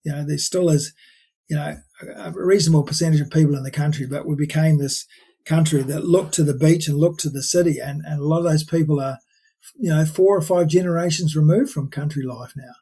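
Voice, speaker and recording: An older man with a husky, slightly raised voice, talking as a podcast guest. He rambles through his stories with frequent restarts and asides. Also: fairly high pitch, fairly quick, mellow. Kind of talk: casual storytelling chat.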